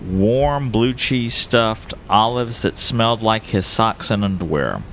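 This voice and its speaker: A man's voice: lowish voice, lively intonation, unhurried, a bit bright, a little hiss or hum. A man co-hosting a casual podcast, joking and crude in loose banter. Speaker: podcast co-host.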